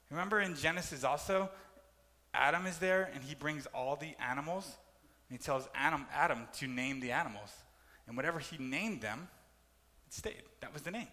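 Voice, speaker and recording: A man preaching a sermon as pastor, animated and acting out complaining voices. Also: fairly high pitch, normal speed, long reverb tail.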